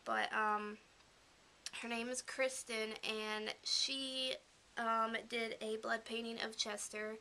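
A woman vlogging as she unboxes something, talking in a halting, subdued way with many pauses and fillers, into a camera mic. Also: a little high, creaky, sharp tone, slight background noise, low-quality recording. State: emotional, subdued. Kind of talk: casual unboxing chat.

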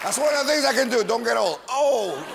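A brash male late-night host cracks jokes and shouts, his high voice rough with gravel. The studio rings with a long reverb, with music and a live audience audible behind him. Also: animated, fairly quick, over a noisy crowd, heavy background noise. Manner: brash, joking, bursts of shouting. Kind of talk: comedic monologue and interview.

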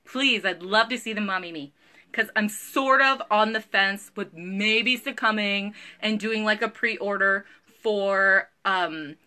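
A woman's voice: mid-range voice, bright, forceful tone. A woman in her thirties hosting a casual live-stream sale, chatty and bubbly, greeting viewers by name.

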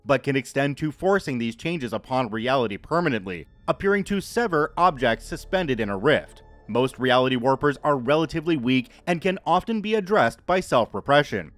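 A man narrating a scripted horror story in a measured, even reading voice. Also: medium pitch, dry recording, soft background music.

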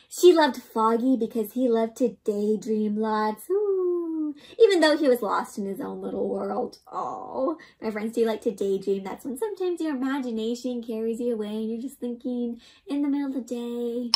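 A woman reading a picture book aloud to children in an animated way, asking them questions and calling them "my friends". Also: a little high, moderate pace, faint music behind. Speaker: children's storyteller. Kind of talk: interactive read-aloud for kids.

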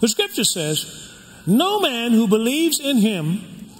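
A man's voice: very high-pitched, huge pitch swings, slow pace. An older man preaching a sermon as pastor, drawing the congregation in with call-and-response questions. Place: church sanctuary. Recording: echoey hall with background noise.

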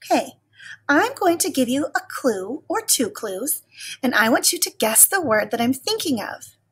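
A woman teacher giving a recorded lesson to young children, speaking in a slow, patient and encouraging way. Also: sits high, very animated, a bit bright, breathy edge.

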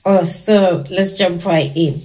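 A woman's voice: lowish voice, steady tone, takes it slowly, a little mellow. A woman hosting a reaction video, giving casual, gushing and admiring commentary. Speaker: reaction channel host. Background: faint music.

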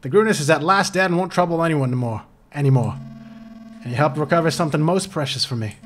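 A man's voice: on the high side, fast, slight background noise, close to an everyday voice. A man reading the lines of a grieving male sailor from a video game in a subdued, earnest way, in close to his own voice. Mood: solemn.

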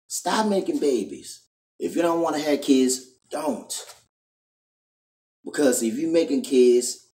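A man delivers a scolding, repetitive sermon to his viewers and keeps ending lines with "man". His voice is very low, and he sits away from the mic in a room with a strong echo. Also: a little mellow, distant mic. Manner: scolding and insistent. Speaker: video preacher. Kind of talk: preachy monologue to camera.

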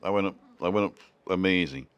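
A man's voice: sits low, quick pace, fairly bright tone, slight background noise. A man hosting a casual live stream, chatting in a self-deprecating way and reading out viewer comments from home.

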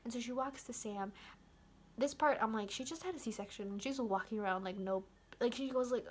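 A woman's voice: on the high side, a little fast, a little hiss or hum. Chatty young woman rambling through a recap. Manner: rambling, heavy use of "like", excited asides. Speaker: vlogger. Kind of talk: casual film recap.

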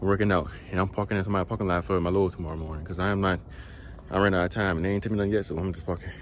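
A young man talks to his followers between sets in a parking lot, his voice pitched a little low and winded from the effort. His talk is loose and slangy and wanders as he pokes fun at himself, with a faint hum of the outdoors behind him. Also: fairly even intonation, very fast. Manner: slangy, rambling, laughs at himself. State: out of breath. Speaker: truck driver vlogger. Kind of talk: casual workout vlog chat.

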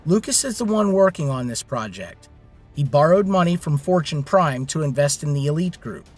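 A stern female boss, voiced by a male narrator, firm and serious, her voice set somewhat high. She keeps her staff in line as in a spoken storybook, with faint music in the background. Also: animated, moderate pace, darkish tone.

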